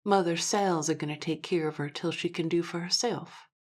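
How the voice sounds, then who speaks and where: A woman voicing a sly, menacing frontier saloon owner who speaks with slow deliberateness. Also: fairly low pitch, steady tone, natural voice. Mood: offhand. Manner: deliberate, veiled threats.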